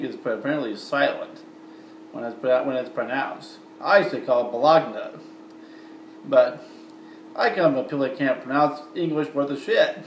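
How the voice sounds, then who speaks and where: A man's voice: medium pitch, a little hiss or hum. A man from the American Midwest with a Midwestern accent, rambling chattily to viewers in a casual vlog monologue. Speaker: vlogger. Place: indoor room with lights. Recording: roomy echo, from far off, faint ambience.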